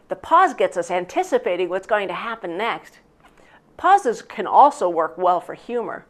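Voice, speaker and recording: Woman, public speaking teacher, instructional narration, mid pitch, very lively intonation, expressive. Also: moderate pace. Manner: expressive, varies loudness and pitch.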